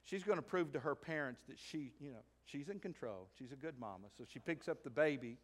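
Male pastor, mid-pitched, animated sermon storyteller who bursts into shouts for emphasis. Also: fairly quick. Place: church sanctuary.

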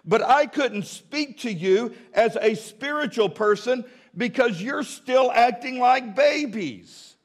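A man, preaching a sermon in a folksy, humorous way, often restarting his sentences and dropping to a quiet voice for asides. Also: extremely high pitch, expressive, slow, few pauses. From American South. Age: 50s. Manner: drops to a quiet, intimate tone for asides. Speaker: pastor.

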